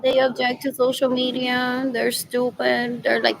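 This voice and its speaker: A woman's voice: sits high, level tone, measured pace, vocal fry, a little hiss or hum, rough recording. A woman in a rambling, scornful spoken monologue who keeps asking "what else?" and switches between English and Spanish. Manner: disgusted, scornful.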